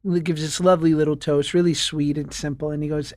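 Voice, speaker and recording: A man in his thirties co-hosting a comedy podcast, telling stories in a casual, animated way. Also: a little high, fast talker, few pauses, no room sound, clean studio sound. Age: 30s. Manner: animated storyteller, breaks into laughing sung bits. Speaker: podcast co-host.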